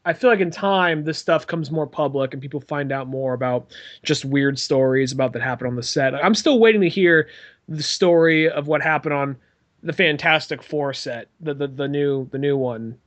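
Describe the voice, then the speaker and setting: Male co-host, slightly high voice, casual and unsure, hedges a lot; dull lo-fi recording. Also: moderate pace, a bit bright. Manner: hesitant, hedging, trails off. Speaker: podcast co-host. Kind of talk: casual chat.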